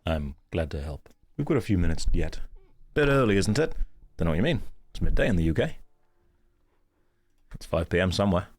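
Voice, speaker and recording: A man hosting a casual game stream in a groggy, just-woken-up voice. His tone sits very low and deep, and he jokes drily at his own expense. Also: sing-song, fast. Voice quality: groggy morning voice. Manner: dry, joking, self-mocking. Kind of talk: casual live-stream chat.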